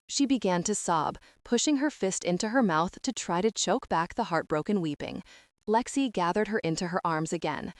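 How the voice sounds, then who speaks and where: A woman narrating a novel as an audiobook reader, in even, expressive storytelling. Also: fairly low pitch, normal speed, no echo, studio quality. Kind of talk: scripted narration.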